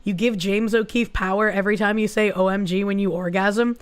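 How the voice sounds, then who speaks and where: A woman's voice: mid-range voice, steady tone, a little fast, smooth. A young woman streamer giving casual, sarcastic commentary on a video, swearing and rambling as she goes.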